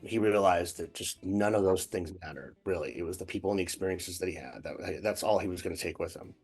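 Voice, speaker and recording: A man from the United States, a guest on a call, reflectively recounting a personal memory with many pauses and restarts. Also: deep voice, a little mellow, slightly rough, soft background music. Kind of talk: personal interview storytelling. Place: at home in Chicago, on a call.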